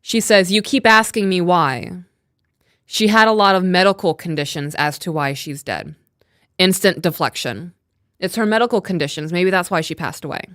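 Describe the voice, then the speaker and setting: Woman host, low-ish smooth voice, dry close sound, casual case breakdown. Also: normal speed, no room sound. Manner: reads quotes aloud, animated retelling. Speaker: podcast co-host. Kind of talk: casual true-crime breakdown.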